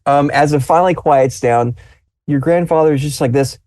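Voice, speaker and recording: A man with a fairly high, darkish voice speaks at a moderate pace, recorded cleanly in a studio with no echo. Running a tabletop game as game master, he narrates in a rambling way, full of fillers and frequent laughter.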